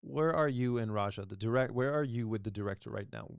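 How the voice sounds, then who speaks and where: A male podcast host asks long questions that loop back and restart before he lands on them. His voice is mid-pitched and conversational. The sound is close and dry. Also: quick pace, vocal fry, smooth, no room sound. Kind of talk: casual interview. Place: podcast set.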